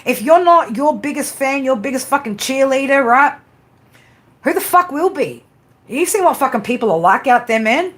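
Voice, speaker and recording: A woman's voice: sits high, animated, normal speed, fairly bright tone. A woman hosting a casual livestream pep talk, blunt and swearing constantly, with frequent tag questions. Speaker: tarot reader and livestream host.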